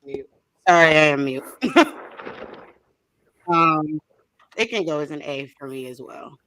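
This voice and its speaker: A woman's voice: deep voice, expressive, unhurried, sharp tone, slight background noise. A woman hosting a casual chat, laughing easily and correcting herself in a flustered way. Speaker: podcast host.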